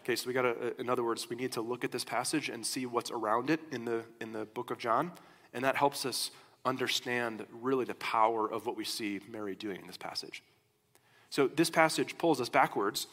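A man preaching a sermon as a pastor, in a conversational, animated storytelling way. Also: medium pitch, fairly quick. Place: church sanctuary. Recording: long hall reverb.

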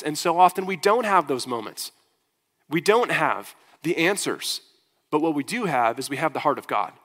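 A man's voice: mid-range voice, a bit bright. Man preaching in an echoing church. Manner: earnest preaching, rising and falling in force. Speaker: pastor. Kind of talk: sermon. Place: church sanctuary. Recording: long reverb of a church hall.

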